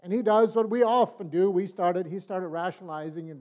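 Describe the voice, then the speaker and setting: An older man teaching a Bible study in a relaxed, folksy, conversational way, telling stories. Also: high voice, brisk. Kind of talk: sermon-style storytelling and teaching.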